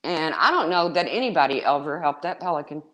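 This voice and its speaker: Woman, casual storyteller, salty and animated, dry close sound. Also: quick pace, no echo. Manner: lively, swearing, jumps between high exclaims and low asides. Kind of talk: casual chat.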